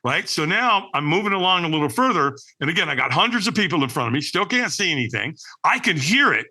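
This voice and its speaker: Speaking fast in a slightly high voice, a man appearing as a podcast guest shares a personal story full of energy. He performs other people's lines and keeps tossing in "right?" to check in.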